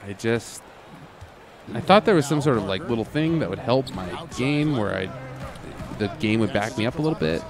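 A man's voice: medium pitch, expressive, moderate pace, music in the background. Dry-joking man in gaming banter. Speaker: co-host playing a basketball video game.

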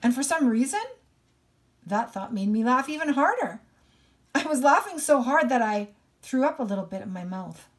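A woman teacher reading a novel aloud with expression, in a voice of ordinary pitch. She pauses now and then to comment on a passage and explain it to her students. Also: lively intonation. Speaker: English teacher.

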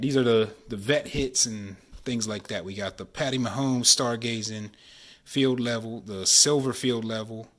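A man, chatting excitedly while opening sports card packs at home and keeping his voice down. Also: fairly low pitch. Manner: excited, chatty, says y'all often; keeping voice down while kid sleeps. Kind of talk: casual card-opening vlog. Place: home, at night.

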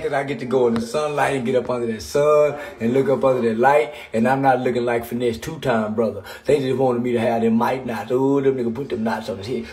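A man's voice: fairly even intonation, fast talker, hardly any pauses, echoey room, a crowd in the background. Boastful man taunting on a phone vlog. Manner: taunting, boastful, laughing, swings loud and high. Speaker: internet personality. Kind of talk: boastful selfie vlog rant. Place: outdoors in the sun.

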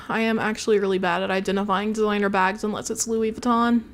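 A woman's voice: mid-range voice, steady tone, fast talker. A woman hosting a gaming channel who chats casually and sleepily over her gameplay, rambling off topic and poking fun at herself. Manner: chatty, rambling, self-mocking, sometimes yawning.

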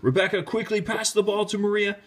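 A man teacher reading a children's picture book aloud, animated and rising to high excited shouts at the exciting parts. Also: a little fast, slightly rough. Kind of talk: children's storybook read-aloud.

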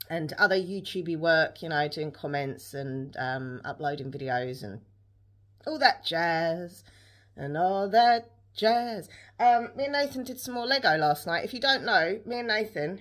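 A woman's voice: lowish voice, a bit bright. Chatty woman vlogging. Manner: chatty, rambling, with many fillers and restarts. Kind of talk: casual day-in-the-life vlog chat.

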